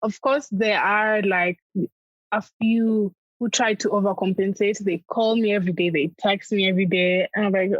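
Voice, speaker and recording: A woman's voice: mid-range voice, moderate pace, no echo, highs cut off. A young adult woman, a comedian guest, chatting animatedly and laughing often. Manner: animated, laughs often, acts out family in quotes. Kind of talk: casual interview chat.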